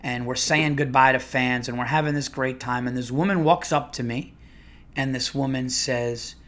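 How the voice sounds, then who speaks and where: A middle-aged man, a comedian hosting his own podcast, telling a long rambling story in a casual, animated way with restarts. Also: mid-range voice, moderate pace.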